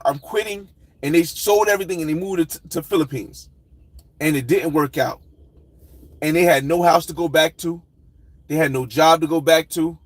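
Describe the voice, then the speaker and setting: A man hosting a casual livestream, reading viewer comments and rambling through his thoughts with loud shout-outs. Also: a little high, no room sound, low-quality recording. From United States. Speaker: livestream host.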